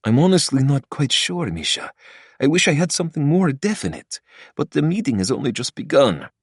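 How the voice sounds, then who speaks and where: A man's voice: fairly high pitch, sing-song, fairly quick, breathy edge, dry recording, clean studio sound, pitched above the performer's own voice. A man voicing a nervous, eager-to-please male attorney who speaks hesitantly and a little breathlessly in an audiobook.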